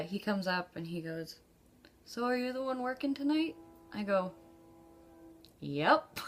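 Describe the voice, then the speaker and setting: Chatty woman telling a story, lowish voice. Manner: chatty, laughs often, frequent ums; acts out quoted dialogue with pitch jumps. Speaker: vlogger. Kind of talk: casual storytelling.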